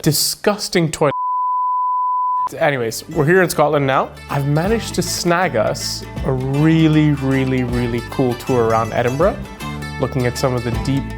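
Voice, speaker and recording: A man hosting a travel vlog, chatting casually and hyping things up with enthusiasm. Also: mid-range voice. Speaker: show host.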